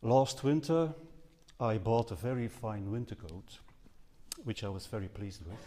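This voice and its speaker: Speaking to a live audience in a seminar house hall, a man presents a Buddhist dharma talk with earnest conviction, sometimes hesitating and revising his words. His low-leaning voice is animated and mellow at a measured pace, captured with long reverb from the hall.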